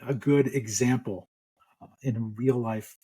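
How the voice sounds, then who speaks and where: Man, middle-aged, psychologist guest, husky voice, podcast interview, relaxed explaining. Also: medium pitch, unhurried.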